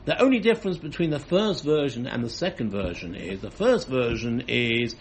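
A man's voice: medium pitch, sing-song, moderate pace, creaky, slight background noise. A man teaching a Talmud class, reading the text and explaining it line by line.

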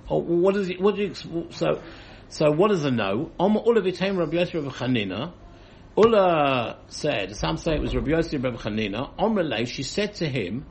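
Casting: male Talmud teacher, lively pitch, slightly gravelly voice, explains text by text. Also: a little hiss or hum. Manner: explains, translating line by line. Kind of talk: Talmud study class.

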